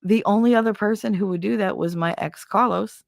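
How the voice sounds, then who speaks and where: A middle-aged woman with a New York accent telling animated, profane stories in a casual chat as a show host. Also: mid-range voice, fairly quick, gravelly, no echo, clean studio sound. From Brooklyn, New York. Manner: animated, profane, acts out neighborhood voices.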